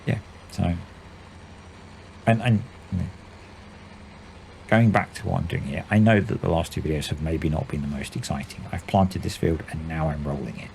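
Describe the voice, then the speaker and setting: A man in his forties talks through a game session in a loose, rambling way, in a deep voice with a gravelly edge. He calls his own delivery usually monotone. Faint background noise sits under the recording. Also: normal speed, long pauses. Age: 40s. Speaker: gaming channel host. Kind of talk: casual let's-play commentary.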